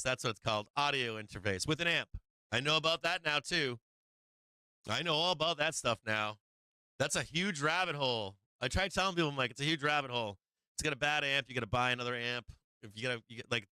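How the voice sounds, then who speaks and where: Chatty, bright-voiced man hosting a stream. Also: medium pitch, clean tone, no room sound. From Boston, USA. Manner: rambling, laughs often, self-deprecating. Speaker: live-stream market show host. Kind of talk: casual chat. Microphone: streaming microphone on an arm.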